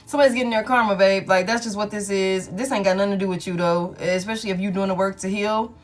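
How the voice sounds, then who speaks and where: A woman's voice: medium pitch, steady tone, quick pace, soft background music. A woman in her thirties hosting a live tarot stream. She talks casually and profanely, speaks straight to her viewers and laughs often.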